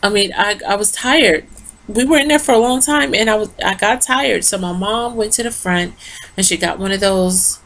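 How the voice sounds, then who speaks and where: A woman's voice: mid-range voice, moderate pace, a bit bright. A tired woman rambling through a casual lipstick review into her phone, talking straight to her viewers. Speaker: beauty vlogger.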